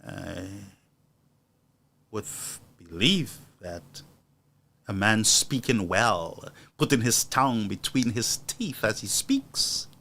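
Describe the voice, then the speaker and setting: A man's voice: fairly low pitch, big pitch swings, slow, creaky, bright, forceful tone. A man delivering indignant, mocking political commentary as a news show host.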